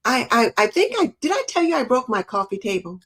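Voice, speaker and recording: A woman co-hosting a livestream chat, telling stories in an expressive, emphatic way. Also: fairly high pitch, fairly quick, husky. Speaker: co-host.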